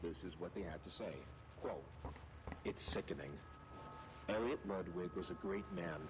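An actor playing a male TV news anchor, reading a broadcast in a measured, formal way. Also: sits low, very noisy, natural voice. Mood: grave.

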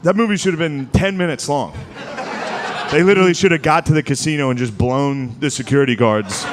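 A man's voice: a little high, brisk, background noise. A man doing a live stand-up comedy set, talking loosely and crudely and chuckling at his own jokes.

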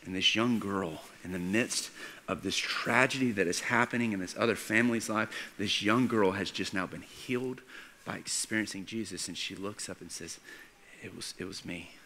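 A male pastor preaching a storytelling sermon, moving between hushed narration and excited emphasis. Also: fairly low pitch, moderate pace, a little hiss or hum. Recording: church hall reverb.

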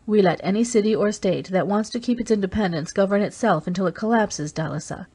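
Woman reading as a quiet, grave man. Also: medium pitch, slightly rough. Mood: quiet gravity. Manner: quiet, measured. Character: grave, weary man, a space-age Terran. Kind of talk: audiobook character reading.

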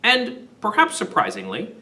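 A man's voice: high-pitched, huge pitch swings, normal speed, pushed and bright. A man teaching literature who summarizes the story in a casual, conversational way.

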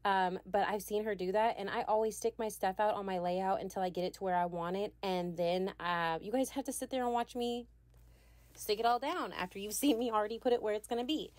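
A woman's voice: mid-range voice, a little fast, a little mellow, no room sound. A woman, chatting casually with lots of ums while crafting at home. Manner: chatty, frequent ums, laughs lightly. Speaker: scrapbooking video creator.

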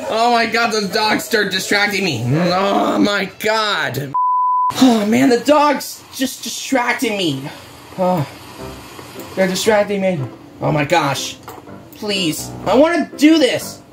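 A woman's voice: medium pitch, lively intonation, slow, slight background noise. A woman doing exasperated, rambling horror game commentary, with game music and barking dogs behind her. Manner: exasperated, frequent groans and "bruh". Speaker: gaming channel host.

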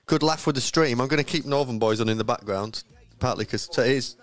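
Speaking fast in a mid-range voice, this young man runs a live tournament stream with loose, casual commentary. He jokes around, makes fun of himself, and breaks into laughter readily.

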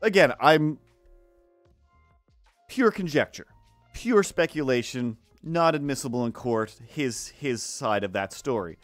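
A man's voice: mid-range voice, animated, measured pace, dry recording, faint music behind. A man rambling sarcastically through a neighbor story during a casual art stream, acting out the quoted voices. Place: home art stream setup.

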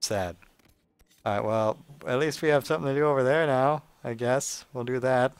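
A man's voice: medium pitch, moderate pace, clean tone, no room sound. A man giving casual, sarcastic, rambling commentary while playing a video game. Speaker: let's play host.

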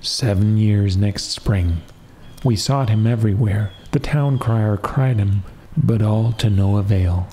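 A man voicing a lonely, weary old cobbler who talks slowly. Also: lowish voice, dark tone, slight background noise.

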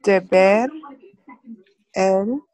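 A woman student reading aloud hesitantly in a lesson, apologetic and full of pauses. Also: medium pitch, steady tone, a little mellow.

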